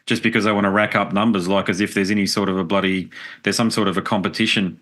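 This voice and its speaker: A man with a fairly low voice hosts a podcast conversation. He talks casually and likes to tell anecdotes. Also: fairly even intonation, quick pace, fairly bright tone. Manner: chatty, anecdotal storyteller. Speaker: podcast host.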